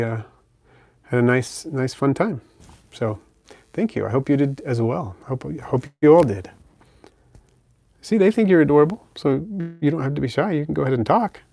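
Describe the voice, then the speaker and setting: A man hosting a pet channel livestream, casually reading viewer comments in a relaxed, chatty way and softly cooing to his pet bird. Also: medium pitch, dry recording.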